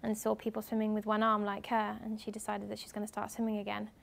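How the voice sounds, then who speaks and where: A young woman from England speaks at a university lecture as a guest speaker. She tells her stories with animation and acts out other people's lines as she goes. Her voice sits at a middling pitch. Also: monotone, fast talker, gravelly. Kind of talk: lively talk to students.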